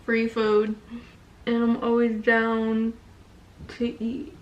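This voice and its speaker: A woman's voice: a little high, completely flat delivery, slow, distant mic, highs cut off. A young woman, pregnant, talking casually through a makeup tutorial and a rant, blunt and profane. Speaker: beauty vlogger.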